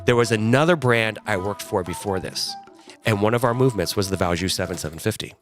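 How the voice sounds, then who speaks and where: Middle-aged man, podcast guest, fast talker, animated storytelling, faint music behind. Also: fairly low pitch. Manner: animated storyteller, acts out quotes. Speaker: guest, watch retail worker. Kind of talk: casual podcast chat, storytelling.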